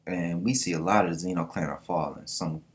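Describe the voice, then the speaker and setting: A man hosting a casual manga reaction vlog, excited and slangy, swearing freely. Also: low voice, fairly quick. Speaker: manga reaction channel host.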